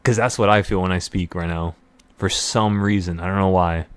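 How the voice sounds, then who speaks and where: Intense low-voiced man rambling with excitement. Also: normal speed, smooth, dry recording. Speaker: trading channel host. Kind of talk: emotional motivational monologue.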